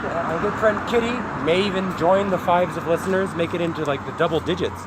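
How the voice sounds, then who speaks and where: A man's voice: sits high, fairly quick, very noisy. A man co-hosting a casual comedy podcast, playful and joking. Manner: playful, joking, laughs often. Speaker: guest co-host.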